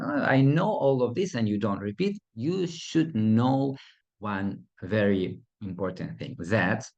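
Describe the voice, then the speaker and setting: A man teaching a beginner language lesson in a relaxed, hesitant way with frequent fillers and playful asides. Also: mid-range voice, vocal fry. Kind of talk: casual video lesson.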